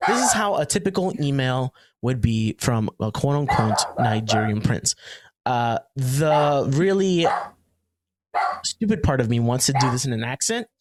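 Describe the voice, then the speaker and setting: A man's voice: mid-range voice, very animated, normal speed, hardly any pauses, background noise. A man co-hosting a podcast in a casual, chatty way, joking around and using plenty of fillers and restarts. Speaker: podcast co-host. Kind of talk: casual chat.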